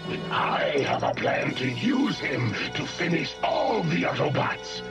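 An actor voicing a commanding male robot villain leader in a cartoon, with a gravelly, booming delivery. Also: sing-song, measured pace. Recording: cartoon clip with loud music.

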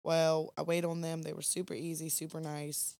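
A woman's voice: low-pitched, completely flat delivery, normal speed, gravelly, darkish tone, dry recording. Chatty woman telling a story. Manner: chatty, rambling, Southern "y'all" phrasing. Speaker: podcast co-host. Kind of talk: late-night casual storytelling.

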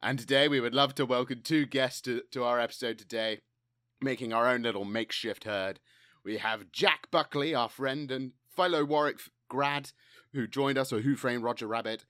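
A man's voice: mid-range voice, normal speed, sharp tone, no echo, studio quality. A man from the UK co-hosting a podcast, laughing a lot and asking long, rambling questions. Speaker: podcast co-host. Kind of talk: casual chat.

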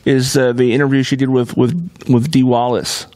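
A man's voice: medium pitch, little pitch movement, normal speed, darkish tone. A man co-hosting a podcast in casual chat, rambling and often restarting his sentences. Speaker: podcast co-host.

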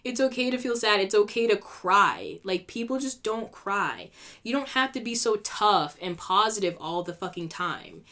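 A woman's voice: mid-range voice, normal speed, bright, forceful tone. A young woman hosting her own podcast, talking candidly and emotionally in a casual rant, full of "like" and swearing. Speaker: podcast host.

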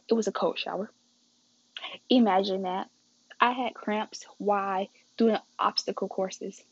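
A woman's voice: mid-range voice, husky, dry recording, highs cut off. A teenage girl telling a casual storytime vlog, chatting straight to her viewers and calling them y'all and guys. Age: teens.

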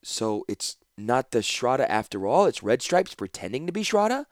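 A man's voice: medium pitch, big pitch swings, normal speed, no room sound, studio quality, voice pushed up, lightly acted. A man voicing a tough female warrior who talks in clipped, urgent lines in an audiobook. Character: tough blunt female warrior, terse and practical. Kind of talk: audiobook character voice.

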